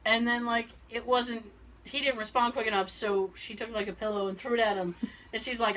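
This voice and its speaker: A woman's voice: fairly high pitch, fairly quick, noisy background. A woman on a podcast telling family stories in casual chat, laughing often and acting out the people she quotes. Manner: animated, laughs often, acts out quoted voices. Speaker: podcast co-host.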